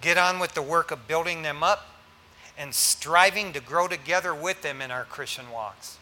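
An older man, a pastor, preaching a sermon in a lively, joking way to his congregation. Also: a little high, normal speed.

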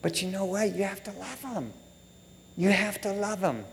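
A man's voice: high-pitched, moderate pace, creaky. A middle-aged man preaching a sermon as pastor, folksy and emotional, with "man" and "you know" all through his talk. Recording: long hall reverb.

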